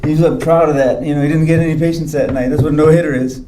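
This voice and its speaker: A man's voice: fairly high pitch, steady tone, quick pace, echoey room, background noise. A man giving a hospital grand rounds talk, telling his own story candidly and wryly, acting out the people he quotes. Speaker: physician speaker. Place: hospital lecture hall.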